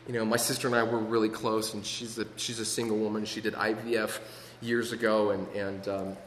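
A fairly low-voiced man shares his recovery story in an earnest, halting way, circling back with repeated words and restarts. His voice rings out through a large, reverberant hall, with a faint hum of room noise behind him. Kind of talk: personal testimony talk.

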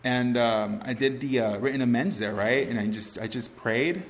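A man's voice: mid-range voice, normal speed. A man sharing his recovery story with a group, rambling and emotional, often saying "you know" and "right". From Cuban family. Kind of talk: personal testimony to a group. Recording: echoey hall with faint room noise.

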